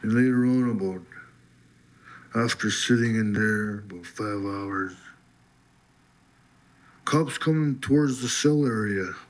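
A man slowly telling his personal faith testimony, husky voice, getting lively as he retells being set free. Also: lowish voice. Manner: slow storytelling, lively when retelling his release. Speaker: testimony speaker.

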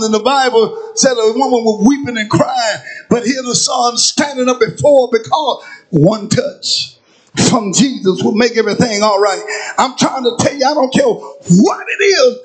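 A man preaching a sermon, using call-and-response and chanting as his preaching builds to shouts in a church sanctuary. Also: very high voice. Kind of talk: whooping sermon.

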